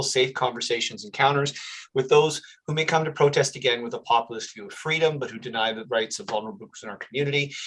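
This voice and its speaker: A man moderates a town hall meeting held over a video call. His voice sits at a middle pitch. He speaks earnestly and steadily, sprinkling in "uh" as he reads out comments from the audience. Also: fairly bright tone. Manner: earnest, measured, with filler "uh". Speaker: town hall host, politician.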